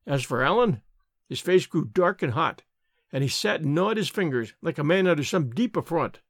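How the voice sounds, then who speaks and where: A man hosting a weekly show, reading a classic novel aloud in measured storytelling narration. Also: on the high side, animated, dry recording, studio quality. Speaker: audiobook reader and show host.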